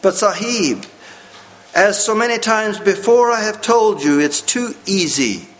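A man reading the part of an old male pearl diver, speaking in halting, simple phrases. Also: sits high, expressive, a bit bright, voice pushed up, rough recording. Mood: earnest.

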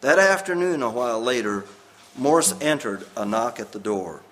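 A man reading a story aloud in a measured, grave way. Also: medium pitch, animated, a bit bright.

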